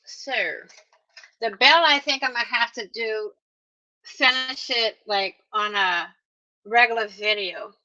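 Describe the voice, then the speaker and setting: Bright-voiced woman chatting through a craft tutorial. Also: a little high, takes it slowly. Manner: chatty, talks to viewers directly, playful little exclamations. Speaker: craft vlogger. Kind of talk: casual crafting tutorial narration. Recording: dull lo-fi recording.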